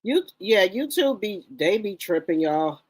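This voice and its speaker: A woman's voice: medium pitch, sing-song, unhurried, darkish tone, husky, dry recording. A woman hosting a casual livestream, greeting viewers one by one with repeated hellos in an informal, chatty way. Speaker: livestream host.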